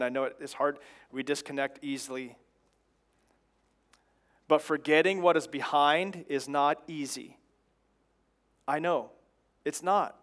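A pastor in his thirties preaches a sermon earnestly and exhortingly, driving his points home with repeated phrases. His voice is a little high.

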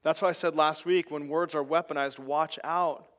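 A man's voice: on the high side, steady tone, moderate pace, a bit bright. A middle-aged man preaching a sermon as pastor, in an emphatic, conversational way that builds in intensity.

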